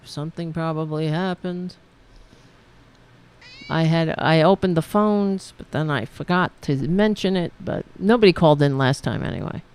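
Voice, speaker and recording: A woman hosting a live-streamed show, chatting in a rambling, halting way, laughing and thanking viewers. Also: deep voice, expressive, darkish tone, smooth. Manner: rambling, halting, laughs often, talks to her cats. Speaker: podcast host reading viewer comments. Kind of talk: casual live-stream chat.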